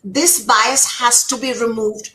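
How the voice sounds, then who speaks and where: Give me a middle-aged woman with a bright, slightly high voice, an emphatic communication trainer being interviewed. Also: fairly even intonation, a little slow, rough recording. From United States. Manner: emphatic, repeats words, acts out quoted speech. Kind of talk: conversational interview.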